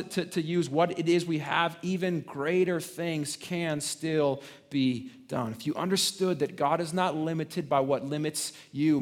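A man with a fairly high speaking voice preaches a sermon in a loose, conversational way. He restarts his phrases often and checks in with the congregation through tag questions. His delivery rises to loud, emphatic points and then drops away quietly. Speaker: pastor.

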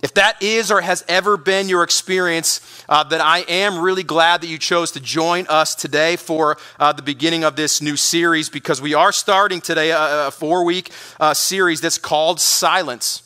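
Earnest bright-voiced male pastor preaching. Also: a little high, fairly even intonation, normal speed, hardly any pauses, smooth. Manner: earnest, with frequent repeated words and restarts. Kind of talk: sermon.

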